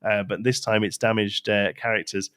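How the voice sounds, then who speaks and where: A man's voice: lowish voice, level tone, moderate pace, fairly bright tone, clear, resonant tone. Rambling man co-hosting a card game show. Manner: rambling, restarts mid-thought, laughs often. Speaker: co-host. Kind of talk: casual chat about a card game. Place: home studio, livestream.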